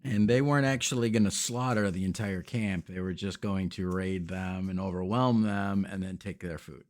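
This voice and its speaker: Man, game master, very low voice, relaxed, rambling, fillers. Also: moderate pace. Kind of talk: narrating a tabletop game.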